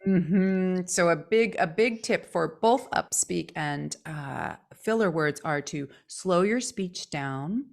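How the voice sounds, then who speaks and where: This voice coach from California, co-hosting a laid-back podcast, has a lowish voice with vocal fry and takes things slowly, pausing only a little. She's expressive, shaping her intonation to illustrate what she means.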